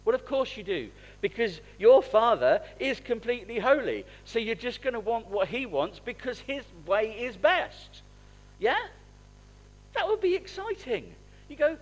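A middle-aged man preaching a sermon in a conversational, animated way, swinging between soft asides and loud bursts. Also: very high-pitched, a little slow, rough recording. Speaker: pastor.

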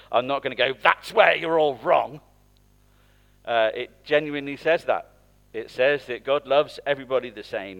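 A man's voice: mid-range voice, clean tone, highs cut off. A man preaching in church, speaking conversationally and asking the congregation questions. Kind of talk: interactive sermon.

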